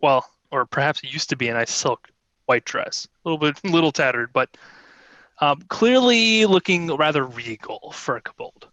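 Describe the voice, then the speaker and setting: A man's voice: on the high side, expressive, moderate pace, sharp tone, dry recording. A man narrating a tabletop game as dungeon master, talking in a loose, chatty way, over a video call.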